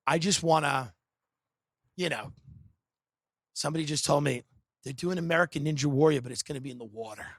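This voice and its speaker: A man hosting a podcast, riffing in a sarcastic, deadpan comedic monologue full of dark satire and sudden mimicked voices. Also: on the high side, brisk, long pauses, no room sound. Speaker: podcast host.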